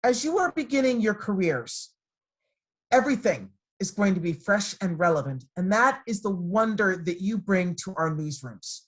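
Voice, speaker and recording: A middle-aged woman, a guest speaker addressing students over a video call from her computer, warm and encouraging as she tells stories. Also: mid-range voice, animated, moderate pace. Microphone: computer microphone on a video call.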